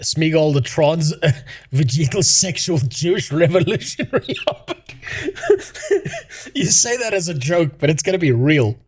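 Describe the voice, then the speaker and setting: Brief: animated male host, higher voice, rambling and mocking rant. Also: a little slow, slightly rough. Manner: mocking, laughs often, rambling. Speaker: streamer host. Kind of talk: casual rant.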